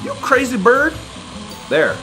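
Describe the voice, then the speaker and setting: Young guy yelling and joking thru a phone game, voice jumps all over, music playing behind. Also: very high-pitched, slow pace. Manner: excitable, loud exclamations, joking. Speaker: YouTuber. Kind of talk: casual gameplay commentary.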